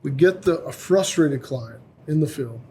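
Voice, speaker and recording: A man's voice: on the high side, moderate pace, a little hiss or hum. A man who heads a company, chatting casually on a podcast and telling a story with acted-out lines from the people in it. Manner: animated storyteller acting out voices. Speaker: company CEO and podcast host.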